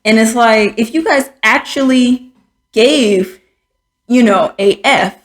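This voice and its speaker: A woman's voice: a little high, slow pace. A woman hosting a podcast, speaking frankly and with exasperation in casual commentary, with many fillers and restarts. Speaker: podcast host. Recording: echoey room.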